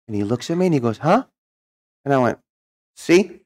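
A man's voice: medium pitch, animated, fast talker, a little mellow. A middle-aged man telling his life story as a guest speaker, folksy and humorous, acting out the voices of people he quotes. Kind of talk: storytelling testimony.

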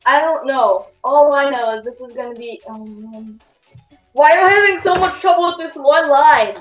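A woman's voice: high voice, moderate pace, soft background music. Flustered woman in an echoey room. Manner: flustered, breaks off after mistakes. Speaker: fan voice actor. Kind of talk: blooper reel of voice acting. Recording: dull echoey home recording.

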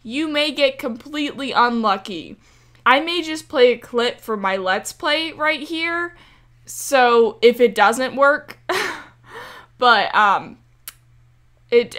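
A woman's voice: on the high side, expressive, slow, a bit bright. A young woman giving casual, chatty commentary over her gameplay, often exasperated and talking back to the game's characters. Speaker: gaming creator.

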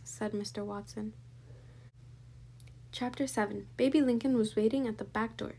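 Children's book narrator, woman, husky and gravelly, lively read. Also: on the high side, moderate pace, long pauses. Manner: lively storytelling.

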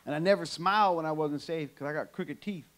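High-voiced man doing church stand-up. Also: brisk, slight background noise. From California. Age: adult. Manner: animated storytelling punchlines. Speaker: stand-up comedian. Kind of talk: church stand-up comedy set. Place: church sanctuary, live audience.

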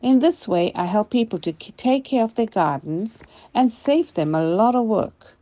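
A woman's voice: on the high side, lively intonation, normal speed, mellow, dull audio, close to an everyday voice. An older woman voicing a busy, proud little sparrow in a storybook tale for children. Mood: eager.

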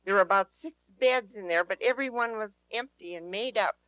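At a prayer teaching session, a woman shares a personal testimony with an audience, speaking earnestly and emphatically and repeating her key phrases. Her medium-pitched voice is fairly quick and a bit bright, in a rough recording with no echo.

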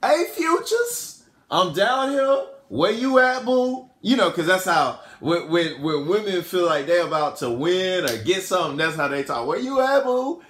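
A man voicing a young woman who talks in a sing-song, drawn-out way. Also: high voice, very animated, fairly bright tone, roomy sound, full character voice. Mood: sweet. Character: young woman, sweet then defensive.

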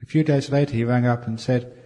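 Quick-paced and steady, his mid-range voice has a dark tone. He is a meditation teacher offering a humorous dharma talk, tossing off jokes and chuckles while answering questions and telling playful stories. Long reverb from a large hall fills the recording.

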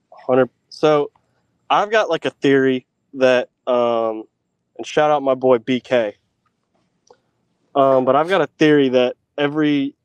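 A man's voice: medium pitch, smooth, no room sound. A man who is a guest on a fishing podcast, talking in an easygoing way with frequent hesitations. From United States. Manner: easygoing, hesitant, lots of ums and restarts. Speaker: podcast guest, tournament angler. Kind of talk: casual podcast chat.

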